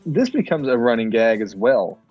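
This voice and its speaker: A man's voice: mid-range voice, sing-song, moderate pace, lo-fi sound, soft background music. A man co-hosting a podcast, chatting casually about a movie with crude, exaggerated comic riffs. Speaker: podcast co-host. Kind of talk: casual movie review chat.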